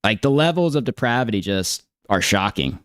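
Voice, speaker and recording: A man's voice: on the low side, expressive, moderate pace, a bit bright, smooth, no room sound, clean studio sound. A man hosting a reaction stream, talking casually with disbelief and many fillers. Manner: incredulous, hedging, many fillers. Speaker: stream host reacting to clips.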